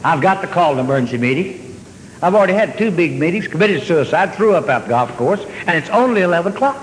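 A man telling a long comic story on stage, drawling and deadpan, then jumping up in excitement. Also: on the high side, quick pace, slight background noise. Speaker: comedian. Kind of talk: stand-up storytelling. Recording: hall reverb with faint ambience.

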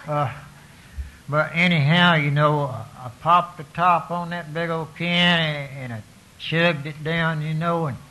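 Bright-voiced man telling stories. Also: a little high, steady tone, a little slow, low-quality recording. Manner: drawling, self-mocking humor, many "you know"s and restarts. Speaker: speaker sharing his recovery story with an audience. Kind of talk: folksy storytelling talk.

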